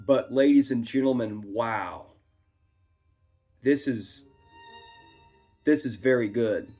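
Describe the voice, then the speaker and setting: Speaking slowly in a dark-toned, mid-range voice, a man reviews whiskey at his home, chatting and rambling through plenty of asides. He's captured by a tripod-mounted camera, with classical music playing faintly behind him.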